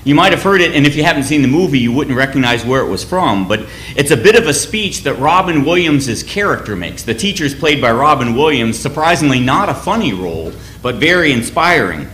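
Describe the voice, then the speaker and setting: Bright-voiced man giving a conversational sermon. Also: medium pitch, animated, brisk, hardly any pauses, echoey room, slight background noise. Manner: conversational, anecdotal, with restarts. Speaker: church speaker.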